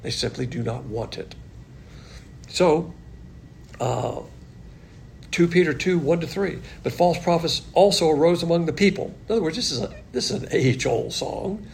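Gravelly man teaching the Bible bluntly. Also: on the high side, lively intonation, moderate pace, a little hiss or hum. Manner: blunt, emphatic, mocking asides in put-on voices.

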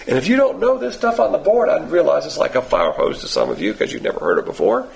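A man with a Southern accent, a pastor teaching a Bible class in a blunt, self-deprecating, folksy way, his voice hoarse at times. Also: on the high side, very animated, quick pace. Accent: Southern American. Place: church classroom.

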